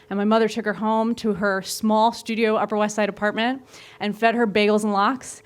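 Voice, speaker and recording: On stage before a live audience, a young woman tells a comic true story, candid and lively, acting out the voices she quotes. She speaks at a moderate pace with a medium pitch.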